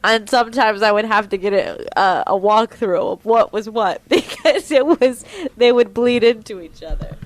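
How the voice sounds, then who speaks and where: A woman co-hosting a radio show, talking in a lively way and laughing as she speaks. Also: a little high, moderate pace, hardly any pauses. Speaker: radio show co-host, former listener. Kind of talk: casual radio chat.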